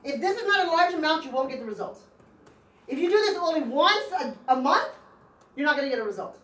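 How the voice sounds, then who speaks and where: A high, lively-voiced woman leads a motivational training session, bouncing through teasing questions and quick laughs. She swings widely in pitch as she works the room. She is caught from a distance in an echoey meeting room. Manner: animated, playful, teasing, laughs often, call-and-response with audience. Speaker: sales team trainer.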